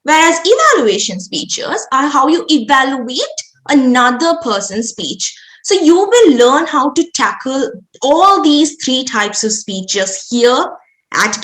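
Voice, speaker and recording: Young woman walking newcomers through slides on a video call, lively high voice, roomy echo. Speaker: club presenter at orientation.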